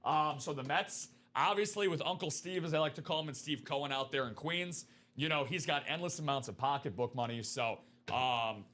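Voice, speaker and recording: Male stream host, slightly high voice, upbeat quick sales patter. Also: a bit bright. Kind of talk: sales pitch for memorabilia breaks.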